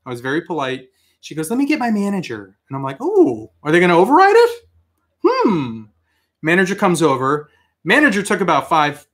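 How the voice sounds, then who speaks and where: A man hosting a toy collecting show, telling stories in a casual, chatty way, with animated reactions when he quotes himself. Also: fairly high pitch. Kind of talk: casual live-stream chat.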